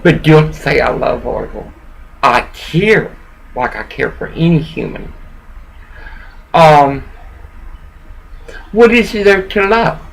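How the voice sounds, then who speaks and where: A woman's voice: deep voice, expressive, slow, creaky, pauses often, rough recording. Rambling, preachy woman on laptop webcam. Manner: preachy, emotional, swinging between laughing and bitter. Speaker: vlogger. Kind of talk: rambling personal monologue.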